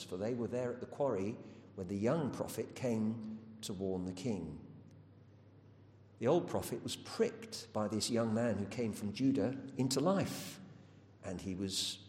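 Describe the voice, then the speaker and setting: A man preaching a sermon, telling stories and asking earnest rhetorical questions. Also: a little mellow. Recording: echoey hall with faint rumble.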